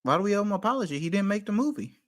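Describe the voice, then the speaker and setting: A man's voice: sits high, very animated, very fast. A man co-hosting a movie podcast, teasing and joking in casual chat. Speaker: podcast co-host.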